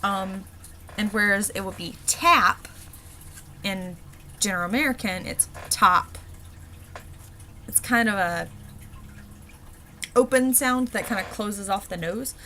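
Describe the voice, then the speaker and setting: A woman dialect coach walking through an accent worksheet, pausing often with ums as she explains the sounds. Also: mid-range voice, fairly bright tone, a little hiss or hum. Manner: halting, many ums and pauses.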